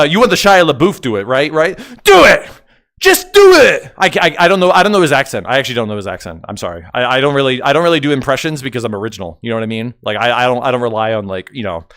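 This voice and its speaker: A young man live-streaming and chatting with his viewers, loud and excitable, joking at his own expense and bursting into yells. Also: mid-range voice. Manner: joking, self-mocking banter with chat. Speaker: livestreamer.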